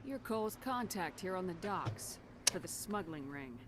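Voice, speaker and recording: A woman's voice: on the low side, expressive, moderate pace, lightly acted. An actress playing a stern female military commander who questions people firmly. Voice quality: firm, demanding. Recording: game audio over music.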